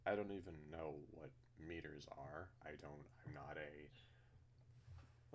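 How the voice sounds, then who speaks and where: A man commenting excitedly while playing a visual novel, with heavy swearing. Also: sits low, unhurried. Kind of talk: let's play commentary.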